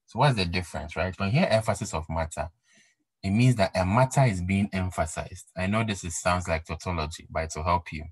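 A man with a very low, deep voice teaching an exam-prep accounting class. He drives points home by repeating them and asking his listeners whether the idea is clear. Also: brisk, no room sound, rough recording. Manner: repeats key points for emphasis, asks rhetorical questions. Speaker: accounting lecturer. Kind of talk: recorded exam-prep lecture.

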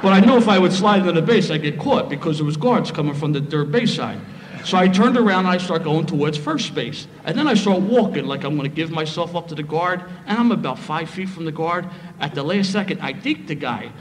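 A man's voice: fairly high pitch, fairly quick. Philadelphia man telling a story in a hall. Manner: lively, humorous storytelling. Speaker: speaker sharing his story. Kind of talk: recovery meeting talk, storytelling. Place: meeting hall. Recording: roomy hall, faint noise.

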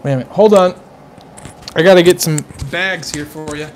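A fairly high-voiced man keeps a steady tone and normal speed as he hosts a casual stream, raving over flavors and smells. He chats loosely with viewers through rambling asides. Slight background noise is present.

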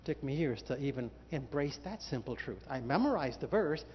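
An older man preaching a lively sermon, acting out his conversations with God and coaxing the crowd to repeat phrases. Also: medium pitch, normal speed, a little hiss or hum. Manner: animated, acts out dialogues with God. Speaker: guest preacher. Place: church hall. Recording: dull lo-fi sound with long hall reverb.

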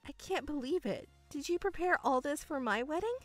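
A woman's voice: high voice, animated, brisk, no room sound, soft background music. A woman voicing an exasperated young daughter. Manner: restrained, exasperated, quietly sarcastic. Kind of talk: voiced story narration.

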